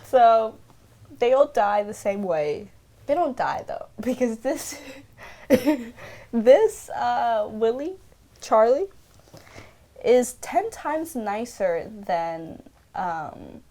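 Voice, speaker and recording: A woman's voice: fairly high pitch, lively intonation, mellow. Playful woman chatting casually. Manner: playful, acts out characters in quick voices, lots of "like". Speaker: podcast co-host. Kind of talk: casual chat.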